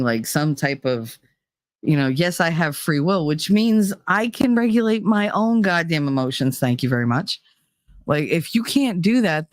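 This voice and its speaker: A woman's voice: sits low, no echo, studio quality. Blunt, swearing woman in casual chat. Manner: blunt, profane, laughing storyteller. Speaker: podcast host.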